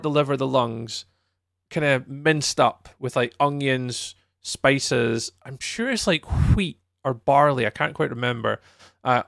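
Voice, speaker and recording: Streaming a game live from Scotland, this man rambles through casual chat with his viewers and laughs readily. The clean studio recording has no room sound, and his mid-range voice comes across creaky and a bit bright.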